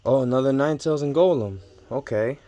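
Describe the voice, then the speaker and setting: A young man vlogging casually about his card collection, talking in excitable bursts and repeating his amazement. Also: medium pitch, quick pace. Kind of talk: casual unboxing chat.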